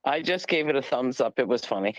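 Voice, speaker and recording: A man's voice: mid-range voice, expressive, quick pace, no room sound, lo-fi sound. A man in a casual group chat, talking in an easygoing way.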